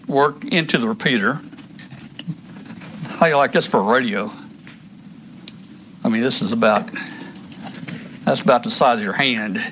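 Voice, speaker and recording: A man rambling on a casual live stream about radio gear, restarting his sentences and hunting for words. He sounds slightly winded, at an ordinary mid pitch. A faint hiss of noise sits behind him. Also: sharp tone. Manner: rambling, hesitant, many restarts and fillers. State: out of breath. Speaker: show host demonstrating radios.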